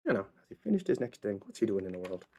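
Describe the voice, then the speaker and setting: A man talking at home in a loose solo vlog, drifting from topic to topic with playful asides to his viewers. His voice sits a little low, with a mellow, relaxed tone. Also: rapid-fire, creaky. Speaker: vlogger and actor. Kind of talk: casual solo vlog monologue. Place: at home, indoors.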